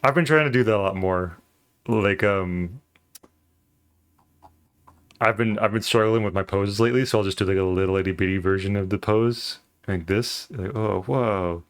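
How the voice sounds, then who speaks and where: A man's voice: on the low side, moderate pace, smooth. A man streaming while he draws, chatting casually in a rambling, playful way with lots of fillers.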